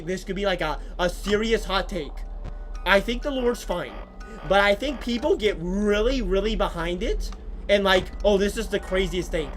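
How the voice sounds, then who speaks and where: A game streamer in casual commentary, joking and chatting straight at the viewers. The delivery is playful and loose, bouncing between mock complaints and asides, with faint game music under the voice. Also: mid-range voice. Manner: playful, jokey, talks to chat.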